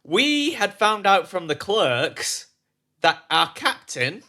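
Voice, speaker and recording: A man on a podcast, chatting quickly and with amusement about a game weekend. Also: high-pitched, big pitch swings, sharp tone. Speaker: podcast co-host. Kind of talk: casual chat recounting a larp weekend.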